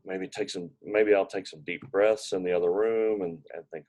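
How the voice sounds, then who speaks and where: A man with a somewhat low voice, coaching listeners through recovery in a relaxed, unscripted way. He leans on "uh" and "you know," restarts his sentences often, and drops in personal anecdotes to make each point. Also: moderate pace, few pauses. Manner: conversational, loose, many fillers and restarts. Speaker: brain injury recovery coach. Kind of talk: casual spoken advice talk.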